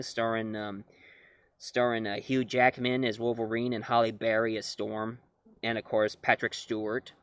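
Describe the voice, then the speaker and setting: A man's voice: medium pitch, no echo. Casual guy talking comics to camera, rambles and restarts, medium voice, dry close sound. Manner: rambling, self-correcting, chuckling. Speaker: comics and film reviewer. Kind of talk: casual talk-to-camera review.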